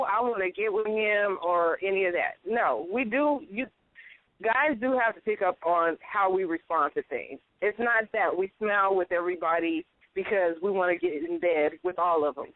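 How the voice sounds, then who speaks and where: A woman co-hosting a casual chat show, telling animated stories and acting out quotes in higher voices. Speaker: co-host. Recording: tinny phone-like line, dry.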